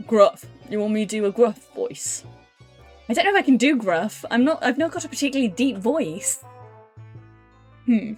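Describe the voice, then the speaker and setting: A woman's voice: fairly high pitch, animated, moderate pace, long pauses, a little mellow, faint music behind. A woman streaming a game live, reading its text aloud and chatting to her viewers between lines. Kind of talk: live game playthrough commentary.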